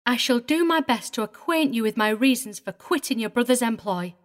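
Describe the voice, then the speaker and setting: A woman's voice: fairly high pitch, lively intonation, fairly quick, close to an everyday voice. Woman playing Miss Paul, a prim tearful governess. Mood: prim, upset. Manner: prim and agitated, voice wavering. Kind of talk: dramatized audiobook reading.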